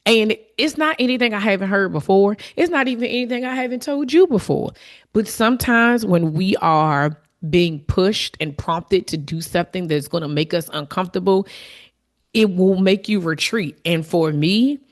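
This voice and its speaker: A woman's voice: mid-range voice, normal speed. A woman hosting her own podcast, talking candidly and from the heart in a reflective solo monologue, with fillers and restarts. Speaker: podcast host.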